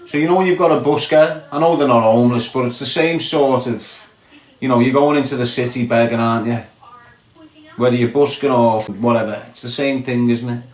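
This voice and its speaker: A man with a Scouse accent chatting bluntly to his livestream viewers, calling them lad and mate. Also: mid-range voice. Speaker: livestream host. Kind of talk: casual chat to viewers. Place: small box room indoors. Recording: roomy echo.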